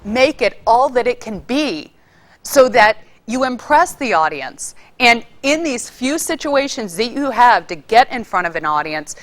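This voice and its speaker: A woman giving a casual spoken lesson on public speaking, showing different ways to deliver lines with lively shifts in emphasis. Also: medium pitch. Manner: lively, demonstrates vocal delivery with varied emphasis.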